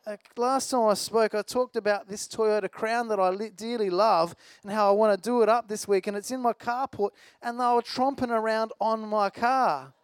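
A man's voice: high-pitched, steady tone, normal speed, hardly any pauses, clean tone, no echo. A man preaching a sermon in a conversational, storytelling way, with a self-deprecating personal anecdote.

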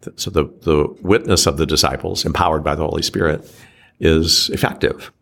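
A man speaking as an archbishop in a reflective teaching conversation, slow and measured, often pausing and restarting his sentences. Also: extremely low pitch, steady tone, gravelly, a bit bright.

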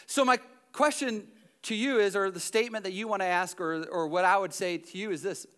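A man preaching a sermon, animated and emphatic, dropping to quiet asides and near-whispers between loud passages. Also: high voice, fairly quick, smooth. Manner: conversational asides with the congregation.

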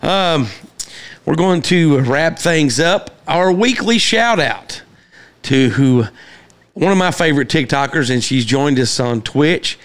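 Male podcast host, slightly high-pitched, loose and meandering, filler-heavy delivery. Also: expressive, slow pace. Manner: rambling with many fillers and restarts. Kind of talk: casual chat and show shout-outs.

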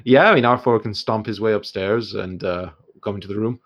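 A man narrating a tabletop game as game master, lively and laughing often, with many fillers. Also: lowish voice, brisk, dull audio.

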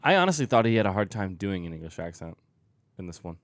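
A man's voice: low-pitched, big pitch swings, fast talker, no room sound, clean studio sound. A man co-hosting a casual movie review podcast, blunt and casual in his opinions. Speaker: podcast co-host.

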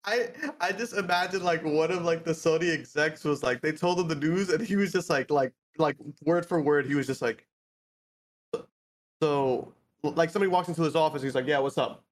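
A man's voice: fairly high pitch, moderate pace. A man co-hosting a casual gaming podcast, telling jokey stories and laughing. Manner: laughing, storytelling with playful put-on voices. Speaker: podcast co-host.

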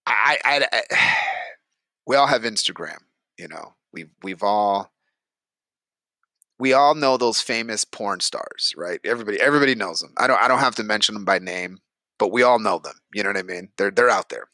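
A man's voice: lowish voice, normal speed, no echo, studio quality. A middle-aged man, a podcast co-host telling stories in casual banter, swearing freely and acting out the lines he quotes. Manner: animated storyteller, swears freely, acts out quotes.

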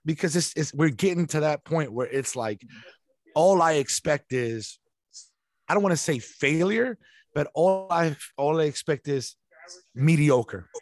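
A man's voice: on the high side, animated, a little slow. A man in a casual podcast chat, ranting bluntly with lots of swearing. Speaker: podcast co-host.

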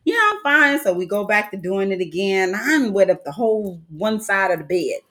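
A woman's voice: mid-range voice, steady tone, moderate pace. A woman in her thirties telling a crude story on a casual live stream as co-host, laughing and acting out the quotes.

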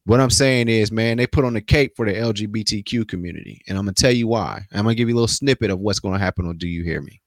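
A man's voice: fairly low pitch, fast talker, hardly any pauses, no room sound. A man co-hosting a casual sports talk podcast, speaking loosely in slang with frequent restarts. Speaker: podcast co-host.

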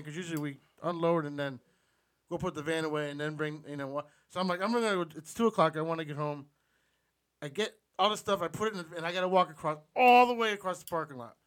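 Male radio host, high bright voice, animated storyteller, casual banter. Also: fast talker, smooth. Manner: animated storyteller, swears freely.

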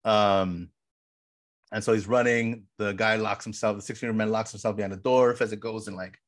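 Rambling low-voiced man retelling a film. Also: fairly even intonation, moderate pace. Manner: rambling retelling full of fillers and acted-out quotes. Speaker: podcast co-host. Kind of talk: casual film rewatch chat.

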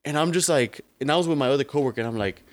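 A man's voice: a little high, racing. A young man on a casual podcast, telling a long story in a rambling, slangy way full of fillers. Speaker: podcast co-host. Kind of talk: casual chat.

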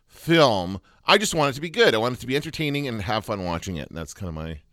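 A man's voice: mid-range voice, big pitch swings, fast talker, fairly bright tone, dry recording, clean studio sound. A man co-hosting a podcast, talking in a rambling casual way with many restarts and fillers. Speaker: podcast co-host. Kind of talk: casual chat.

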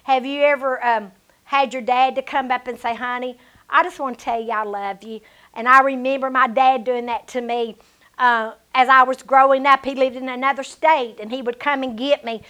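A middle-aged woman preaching a sermon, telling personal stories with emphatic declarations and hushed asides. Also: high-pitched, little pitch movement, normal speed, smooth. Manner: personal storytelling.

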